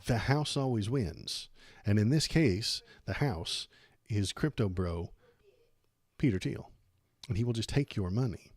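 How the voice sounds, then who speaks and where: Guy ranting sarcastically on his live stream, lowish voice, dry sound. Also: lively intonation, unhurried, dry recording. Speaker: political livestream host. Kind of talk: live political commentary.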